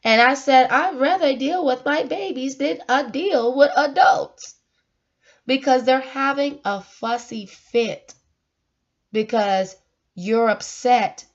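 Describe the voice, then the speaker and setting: A woman's voice: sits high, takes it slowly. A woman talking to the camera in a casual, emotional monologue, earnest and preachy, often breaking into laughs. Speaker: vlogger giving life advice. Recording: dull lo-fi sound.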